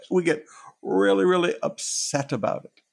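A man preaching a sermon, with a gravelly, husky voice, repeating phrases for emphasis. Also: sits high, a little slow. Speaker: pastor.

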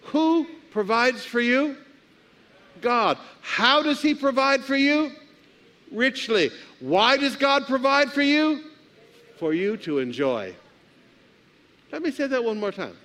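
A pastor preaches with a strikingly high voice. He reads scripture aloud and keeps throwing questions back at the congregation, drawing them into call and response. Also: sing-song, takes it slowly, long pauses, pushed and bright. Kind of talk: sermon.

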